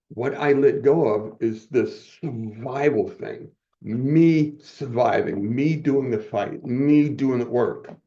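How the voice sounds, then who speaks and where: A man as a guest giving an earnest, halting personal testimony, often moved as he speaks. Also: medium pitch, mellow, muffled recording.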